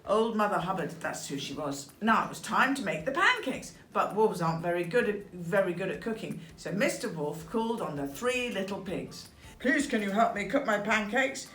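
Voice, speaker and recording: A woman with an English accent reading a picture book aloud in a playful, animated way, with chatty asides. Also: medium pitch, normal speed, hardly any pauses. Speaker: storybook reader. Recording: echoey room.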